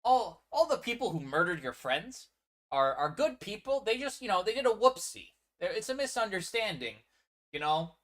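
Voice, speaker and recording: A sweet, naive young policewoman, as a man puts her on, talking in a babyish singsong. She rides high and lilting, brushing off grim matters. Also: very animated, moderate pace, a bit bright. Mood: mocking sugary. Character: mocking sugary naive young woman officer.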